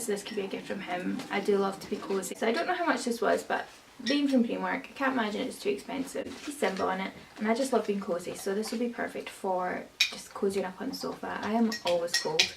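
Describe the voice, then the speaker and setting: A woman's voice: medium pitch, vocal fry. A young woman chatting casually as she shows off her shopping, rambling and opinionated. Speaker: vlogger. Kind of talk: casual haul chat. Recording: distant mic, noisy room.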